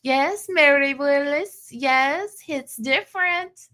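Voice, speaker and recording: A woman's voice: sits high, slow pace, pushed and bright. A woman hosting a casual livestream, chatting and greeting viewers by name. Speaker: livestream host.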